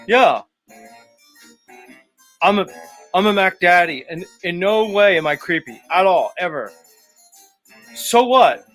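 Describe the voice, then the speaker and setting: A man's voice: sits high, fairly bright tone, exaggerated voice. A man doing a mocking impression of a whiny, defensive, creepy man who swears a lot. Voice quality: whiny, indignant, profane.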